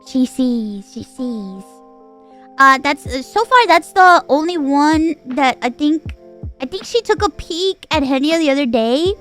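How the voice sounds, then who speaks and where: A woman streamer in casual livestream chat, animated and giggly with dramatic outbursts. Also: sits high, normal speed, faint music behind.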